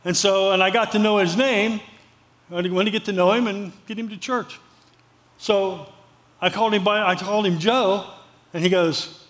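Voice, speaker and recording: A pastor with a high voice delivers a sermon. He talks in a conversational, storytelling way and drives home points by repeating phrases. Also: a little fast, pauses often, a bit bright.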